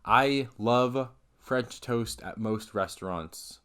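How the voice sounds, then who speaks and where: A man's voice: mid-range voice, slow pace, a bit bright. A man co-hosting a podcast, chatting casually with a dry, teasing manner. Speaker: podcast co-host. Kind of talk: casual chat.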